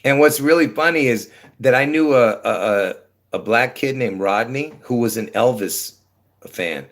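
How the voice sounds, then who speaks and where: A man's voice: mid-range voice, measured pace. A man rambling casually to his viewers on a livestream from his apartment, trailing off with many fillers. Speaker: livestream host.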